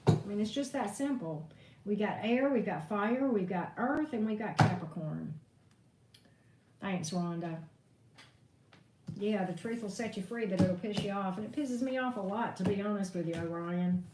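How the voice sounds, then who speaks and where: A woman reading tarot on a live stream, venting in a blunt, profane way. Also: mid-range voice. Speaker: tarot reader. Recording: echoey room, distant mic, faint noise.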